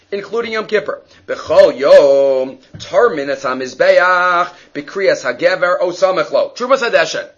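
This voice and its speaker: Here a male Talmud teacher gives a daily Torah class, his high, animated voice dulled by a muffled lo-fi recording. He slips Hebrew terms into his speech and performs the voices of figures in his stories.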